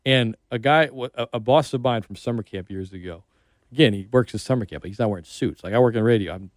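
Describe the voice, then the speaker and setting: Speaking fast at a medium pitch, a middle-aged man hosts a casual sports radio interview, spinning chatty stories and acting out whoever he quotes. The recording, made on a studio mic in a radio studio, is dry and studio quality.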